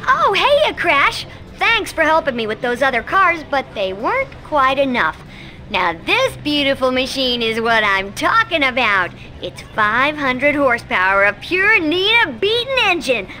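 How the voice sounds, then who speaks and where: A woman's voice: high voice, big pitch swings, unhurried, bright, forceful tone, slight background noise, exaggerated voice. An actress playing a folksy, rowdy female possum racer with a drawl, in a video game cutscene. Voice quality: twangy hick drawl.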